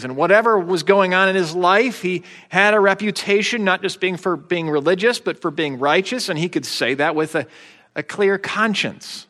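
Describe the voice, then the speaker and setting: A man's voice: high voice, bright, forceful tone, big-room sound. A man preaching a sermon as pastor, in a conversational way with wry, joking asides.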